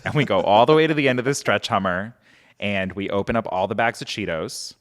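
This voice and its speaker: Animated storytelling man, low voice. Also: fairly quick. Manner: animated, acts out quotes, many "like" fillers. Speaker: podcast guest. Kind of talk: casual storytelling.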